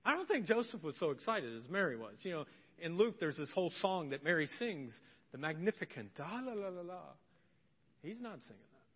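A man preaching a sermon as pastor, humorous and animated, acting out voices of the people in his story. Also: fairly high pitch, a little fast, breathy edge. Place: church hall. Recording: muffled church hall recording with long reverb.

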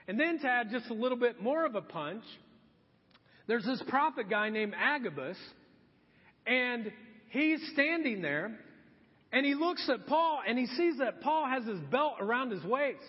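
A man preaching a sermon as pastor, telling the story with lively acted-out quotes. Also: very high-pitched, measured pace, slightly rough. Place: church hall. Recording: dull, long hall reverb.

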